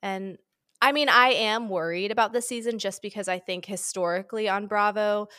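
A woman's voice: mid-range voice, normal speed, bright, forceful tone, dry recording. A woman guest on a podcast, chatting casually with self-deprecating, sarcastic humor and mock voices. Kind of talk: casual chat.

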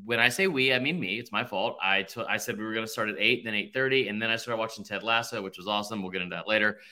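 A man in his thirties hosting a casual sports podcast, rambling and animated, full of asides. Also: on the low side, fast. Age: 30s. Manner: rambling, animated, self-interrupting with fillers. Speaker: podcast host.

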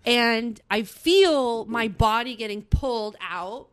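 A young woman telling a story in casual chat, animated and swearing, acting out what people said. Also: on the high side, slow pace, hardly any pauses, clear, resonant tone, no room sound, clean studio sound.

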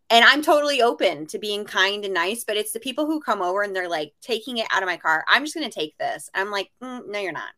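Lively, bright-voiced woman podcaster. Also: lowish voice. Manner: animated storytelling, acts out quotes. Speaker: podcast co-host, reseller. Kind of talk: casual podcast chat.

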